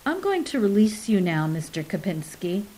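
A woman's voice: medium pitch, moderate pace, slightly rough, poor audio. A woman reading aloud, voicing a weary, reclusive older man who turns coldly threatening. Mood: quietly menacing. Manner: quiet, controlled, deadly calm. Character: weary older man turned quietly menacing.

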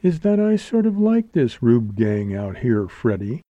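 A man's voice: medium pitch, very animated, unhurried, dry recording, highs cut off. A man voicing a languid, wisecracking young showgirl in an audiobook, with a drawling purr. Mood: amused. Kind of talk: audiobook character voice.

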